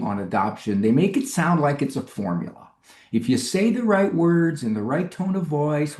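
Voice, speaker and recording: A man's voice: dark tone, reverberant. A middle-aged man, a psychologist, telling humorous stories in an interview and acting out quoted voices. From United States. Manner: humorous, acts out quoted voices with big pitch jumps. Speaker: clinical psychologist and guest. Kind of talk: animated storytelling interview.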